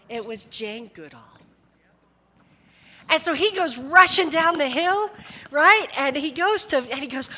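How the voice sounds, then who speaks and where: A woman preacher telling a story in a sermon, expressive and often dropping to soft, hushed phrasing. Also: high voice, takes it slowly, long pauses, long reverb tail.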